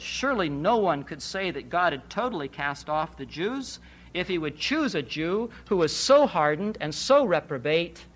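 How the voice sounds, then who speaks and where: A man's voice: a little high, fairly bright tone. A man preaching an expository Bible sermon, emphatic, posing rhetorical questions and repeating key phrases.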